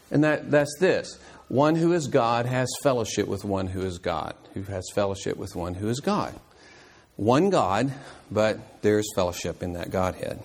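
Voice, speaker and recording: A man teaching a church Bible class in an earnest, explanatory way, halting often with fillers and restarts. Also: fairly low pitch.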